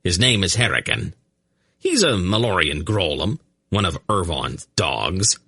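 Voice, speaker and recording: A man's voice: sits low, sing-song, measured pace, pushed and bright, breathy edge, no echo, studio quality, full character voice. A man voicing a sardonic, mocking old hunchbacked sorcerer in an audiobook. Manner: sardonic, taunting. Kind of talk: audiobook character voice.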